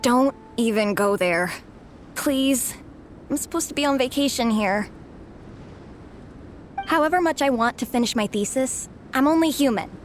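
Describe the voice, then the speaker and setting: An actress playing a theatrical young student and comic-book fan in a game, talking in an expressive, dramatic manner. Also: female voice, sits high, a little slow, pauses often, a little hiss or hum. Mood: pleading. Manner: theatrical, pleading then mock-solemn.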